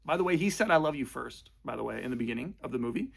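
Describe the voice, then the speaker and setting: A man's voice: medium pitch, lively intonation, quick pace, gravelly, slightly rough. A man giving sarcastic, casual movie commentary in a mocking, slangy, exasperated way. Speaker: movie reviewer.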